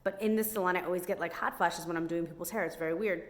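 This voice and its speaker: A woman's voice: on the low side, fairly even intonation, fast. A young woman, a hairstylist, casually telling a story to camera with lots of "like" fillers. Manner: chatty, heavy use of "like" fillers. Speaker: hairstylist vlogger.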